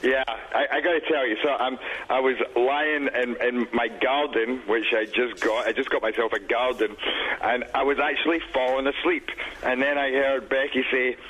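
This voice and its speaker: A man's voice: medium pitch, fairly even intonation, normal speed, fairly bright tone, husky, poor audio. A man calling in to a radio show, joking playfully in casual phone chat. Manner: jokey, playful. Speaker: celebrity caller. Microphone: phone line.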